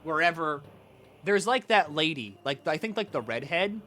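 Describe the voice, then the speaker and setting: A man's voice: a little high, lively intonation, moderate pace, sharp tone, slight background noise. A young man streaming, chatting casually and rambling in jokes with many filler words.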